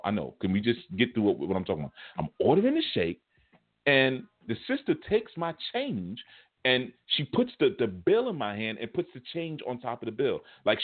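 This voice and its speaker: A man teaching a spiritual class, telling stories in a casual, animated, colloquial way. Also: medium pitch. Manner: animated, colloquial, chuckles mid-story. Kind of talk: casual storytelling lecture. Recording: phone-like narrow band audio.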